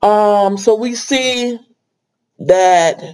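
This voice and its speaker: Woman, casual soap recap, chatty, exasperated asides, mid-pitched voice. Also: extremely slow, a little mellow. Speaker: soap opera reviewer.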